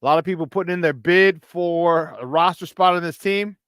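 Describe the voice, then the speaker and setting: A man hosting a casual sports talk show, hyped and shouting out viewers with frequent laughs. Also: high-pitched, normal speed, smooth, no echo.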